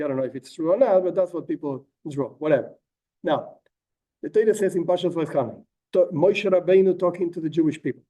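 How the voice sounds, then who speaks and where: Rabbi teaching a text, lively asides; high, mellow voice, mic set back. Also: male voice, recorded from a distance. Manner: animated, acts out quotes, frequent asides like "whatever". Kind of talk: informal text lesson.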